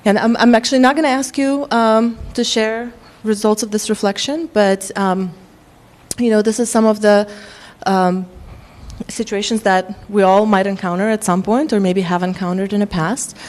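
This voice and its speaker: Woman presenter, faint Russian accent, measured, many ums, mid pitch. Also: steady tone, darkish tone. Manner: frequent ums, measured explanatory tone. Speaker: workshop presenter. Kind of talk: lecture to faculty.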